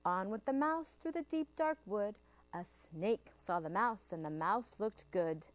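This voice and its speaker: A woman hosting a children's library storytime, reading picture books aloud in an expressive, sing-song way with pauses for effect. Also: medium pitch.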